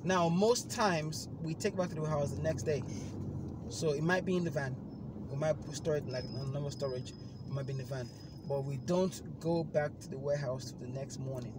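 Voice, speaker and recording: Animated man telling a story in a car. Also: a little fast. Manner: animated, bursts loud and high when acting out the phone call. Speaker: podcast host. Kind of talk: casual storytelling chat. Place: inside a car. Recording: car road noise behind.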